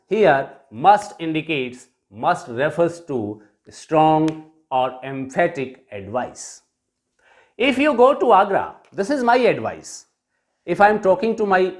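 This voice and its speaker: A teacher with an Indian English accent giving a recorded grammar lesson, repeating each point and switching between Hindi and English. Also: medium pitch.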